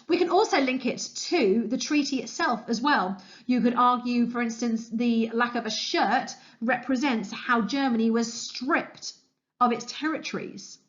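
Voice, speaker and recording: A woman's voice: fairly high pitch, a little slow. Enthusiastic woman teacher, muffled audio. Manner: enthusiastic, chatty, with frequent fillers. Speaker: history teacher. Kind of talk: revision lesson voice-over. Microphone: voice-over over slides.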